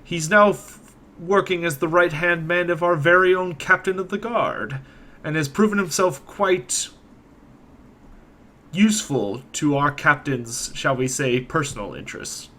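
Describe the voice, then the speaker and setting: A man voicing a scheming male city official who speaks in a measured, insinuating way. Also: fairly high pitch, bright, forceful tone, voice pushed up. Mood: sly.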